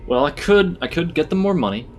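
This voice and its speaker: A man's voice: a little high, animated, a little fast, slight background noise. A man giving casual let's-play commentary, chatty and thinking aloud. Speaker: gamer.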